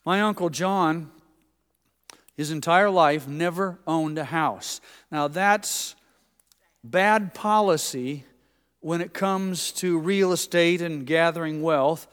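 Man, pastor, folksy storytelling sermon, slightly high voice, long church reverb. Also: clear, resonant tone. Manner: folksy, anecdotal, acts out quoted voices.

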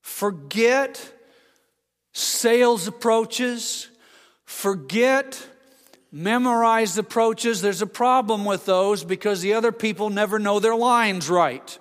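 Man, pastor, sermon, emphatic preaching, high voice, long reverb. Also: slow.

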